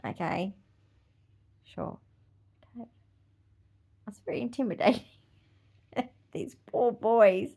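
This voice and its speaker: A woman's voice: mid-range voice, slow, creaky, long pauses, dark tone, slightly rough. A middle-aged woman with an Australian accent, hosting a podcast in casual chat, blunt, swearing freely and laughing often. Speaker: podcast host.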